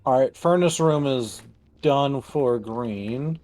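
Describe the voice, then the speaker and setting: A man chatting casually while playing a co-op game, calmly calling out which rooms are clean. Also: mid-range voice, slow pace. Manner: easygoing, calls out progress. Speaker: gamer. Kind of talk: casual co-op gameplay chat.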